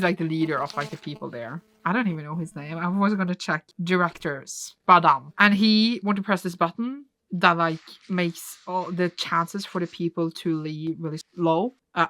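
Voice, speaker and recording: A woman vlogger reacting casually as she reads a manga aloud, excitable and gushing, with lots of "like" fillers. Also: fairly low pitch, no echo. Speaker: reading vlogger.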